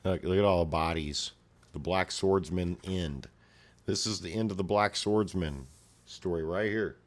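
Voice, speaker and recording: Laid-back guy with a deep voice reading a comic on his channel, mumbly asides. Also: measured pace. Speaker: video host reading a comic. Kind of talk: casual comic read-along commentary.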